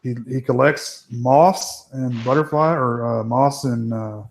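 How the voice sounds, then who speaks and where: A man's voice: mid-range voice, unhurried. A man co-hosting a casual movie commentary, hesitant and full of fillers. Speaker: commentary co-host.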